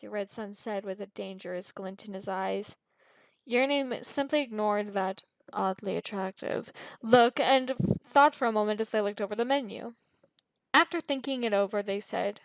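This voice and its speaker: A woman's voice: medium pitch, moderate pace, dry recording, poor audio. Woman reading a story, stumbling often. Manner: frequent stumbles and restarts. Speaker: fan fiction reader. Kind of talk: storybook narration.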